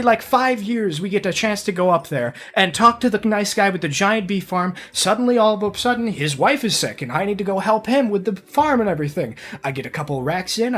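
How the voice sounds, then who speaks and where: A man playing a hot-tempered, petty home-cook husband in a profane, shouty tirade. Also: sits high.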